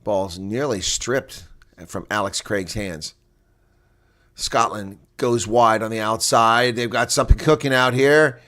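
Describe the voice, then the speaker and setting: A man giving live play-by-play rugby commentary, excitable and rising to shouts at big plays. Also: lowish voice, unhurried.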